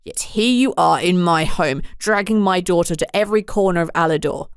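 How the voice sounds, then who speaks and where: A woman's voice: low-pitched, steady tone, a little slow, gravelly, dry recording, clean studio sound, voice pushed down. A woman voicing a brutal, raging middle-aged father who snarls threats. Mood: menacing.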